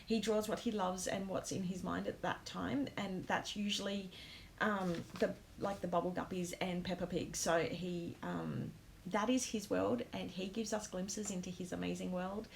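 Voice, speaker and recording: A woman's voice: medium pitch, fairly even intonation, measured pace, gravelly, a little hiss or hum, rough recording. A woman hosting a live stream, chatting casually with viewers, full of ums and close to tears. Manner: emotional, many ums, talks to comments. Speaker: host of a planner live stream.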